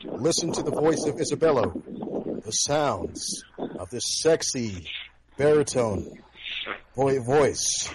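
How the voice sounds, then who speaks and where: A man voicing a self-styled seductive baritone crooner, slow and drawn out, over a noisy podcast recording. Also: expressive. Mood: mock-seductive.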